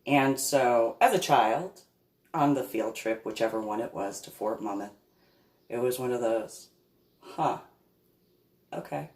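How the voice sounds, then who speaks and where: A woman from New Jersey telling a rambling personal story in a halting, digressive way, with many restarts. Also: very deep voice, darkish tone. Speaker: reverend recounting memories. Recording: echoey room.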